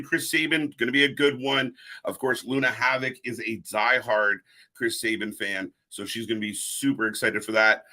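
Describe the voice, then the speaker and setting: A man's voice: mid-range voice, pushed and bright. A man hosting a live wrestling watch-along stream, chatting casually and greeting viewers in the chat by name.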